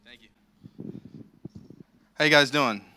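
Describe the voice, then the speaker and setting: A man's voice: on the high side, takes it slowly, pushed and bright, clean tone. An American man preaching as a guest pastor in a church, joking and self-deprecating as he rambles into his message through a handheld microphone. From United States. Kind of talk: sermon. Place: church sanctuary.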